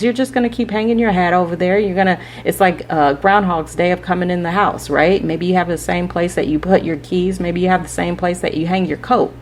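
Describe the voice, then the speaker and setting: A woman with a fairly low voice hosts a spiritual podcast, offering rambling, preachy advice directly to her listeners and frequently asking "right?" to check in. There's a little hiss or hum on the recording.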